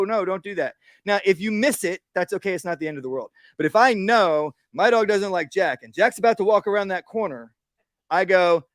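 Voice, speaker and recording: A man's voice: fairly high pitch, no echo, studio quality. A man, a dog trainer, giving a casual workshop talk outdoors and acting out what dogs and owners say.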